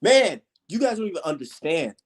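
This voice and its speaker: A man's voice: fairly high pitch, sing-song, normal speed. A young man ranting heatedly and profanely straight to his viewers in a casual vlog. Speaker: vlogger.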